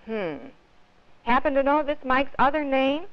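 A woman's voice: high-pitched, very animated, a little slow, voice pushed up. A woman doing a big hearty policeman. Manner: hearty, friendly. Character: big cheerful booming male policeman. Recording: dull lo-fi 1950s TV audio.

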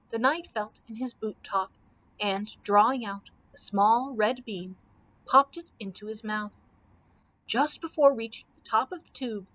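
A woman librarian reading a children's book aloud with expressive storytelling. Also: fairly high pitch.

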